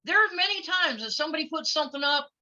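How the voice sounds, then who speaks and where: A woman, a former wrestler, chatting openly in an interview, outspoken and quick to laugh. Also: high voice, expressive, bright, forceful tone. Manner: outspoken and blunt, laughs easily. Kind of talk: casual interview chat. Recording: lo-fi audio.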